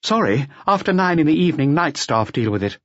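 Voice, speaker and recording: Man putting on a high, eager hotel clerk. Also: very animated, a little fast, no room sound. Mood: helpful. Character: male hotel night-desk clerk, eager, polite. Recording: dull lo-fi audio.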